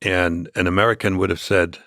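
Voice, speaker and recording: Older man, deep gravelly voice, halting storyteller, dry close sound. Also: steady tone, fairly bright tone, dry recording. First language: German. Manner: halting, many restarts and fillers. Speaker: interview guest. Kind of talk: storytelling in an interview.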